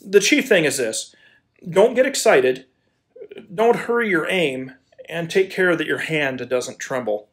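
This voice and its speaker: A blustering landowner, hot-tempered yet suddenly lovestruck, as a man acts him out. He stammers and pleads, slow and halting, with a voice that leaps from low mutters to high outbursts. A community audio-play performance. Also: lively intonation. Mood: instructive. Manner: stammering, then bursts into shouted pleas. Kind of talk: amateur radio play acting.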